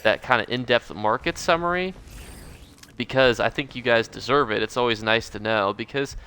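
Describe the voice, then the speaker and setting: A man's voice: mid-range voice, moderate pace, sharp tone, clean tone. A man hosting his own gaming channel, talking through a game money guide in a chatty, upbeat, rambling way. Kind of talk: casual game guide commentary.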